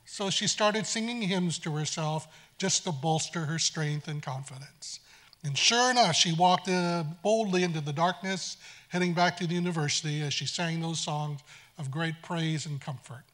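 A male preacher tells a dramatic story from the stage, his voice swinging between loud passages and hushed ones. He speaks in a high, bright voice. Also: moderate pace.

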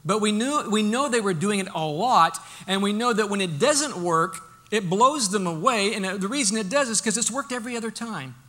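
Male pastor, high-pitched and folksy, preaching conversationally with frequent restarts. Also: expressive, moderate pace, few pauses, bright, forceful tone. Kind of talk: sermon.

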